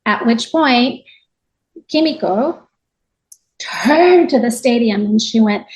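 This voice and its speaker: A woman guest in an interview, telling her story in a reflective, animated way. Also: fairly high pitch, takes it slowly, low-quality recording. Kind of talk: conversational interview.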